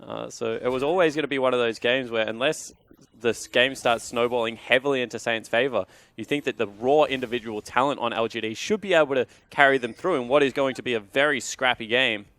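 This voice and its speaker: Relaxed male esports analyst. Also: mid-range voice, a little fast, dry recording. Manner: relaxed analytical, casual fillers. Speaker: esports color commentator. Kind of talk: analytical color commentary.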